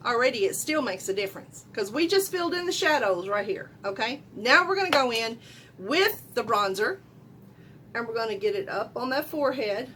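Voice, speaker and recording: Loud, folksy woman doing makeup. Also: fairly high pitch, animated, normal speed, slight background noise. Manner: chatty, loud and folksy, asks viewers questions. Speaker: beauty vlogger. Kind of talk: casual makeup tutorial.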